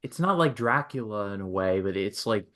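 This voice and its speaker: Low voiced guy cracking jokes about movies, kinda unsure of himself. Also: lively intonation, moderate pace, a bit bright. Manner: joking, self-deprecating, hesitant. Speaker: podcast co-host. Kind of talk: casual movie discussion.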